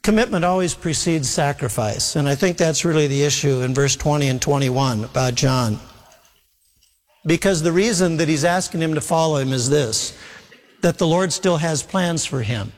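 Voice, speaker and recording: A man's voice: fairly high pitch, normal speed. Male preacher in a reverberant hall. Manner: earnest preaching, voicing Jesus' words to Peter in quotes. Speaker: pastor. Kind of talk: sermon.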